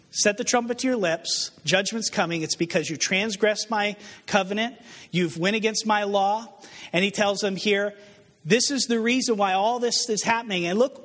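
A man preaches to his congregation in a high voice, throwing out rhetorical questions and acting out the people he quotes. His words ring with the long reverb of a large hall. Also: a bit bright. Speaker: pastor. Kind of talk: sermon.

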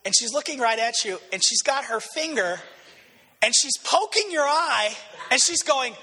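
A man preaching a sermon, dramatic and storytelling, dropping low and then rising to shouts. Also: animated, normal speed, big-room sound. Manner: dramatic, swings between quiet and shouted quotes. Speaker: pastor.

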